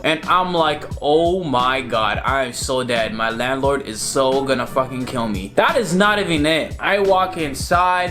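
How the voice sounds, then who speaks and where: A young man tells a story on his vlog in a high voice, animated and exasperated and swearing freely. Faint music plays softly underneath. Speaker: photographer and vlogger.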